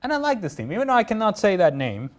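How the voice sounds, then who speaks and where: A man acting as a football analyst in a casual predictions chat, dry and wry, getting animated when making a point. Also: high-pitched, quick pace. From not from the UK.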